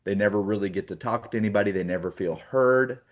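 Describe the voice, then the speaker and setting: A man's voice: fairly low pitch, quick pace. A man in his forties giving a casual morning training talk to sales agents, full of fillers and acted-out call examples.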